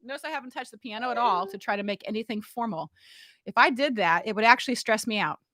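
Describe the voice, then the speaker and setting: A woman voice teacher giving a casual, playful vocal warm-up demonstration in a room at home, talking into a studio mic. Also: on the high side, fast. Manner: chatty, playful and relaxed, often asks "right?". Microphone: studio mic, monitored on headphones.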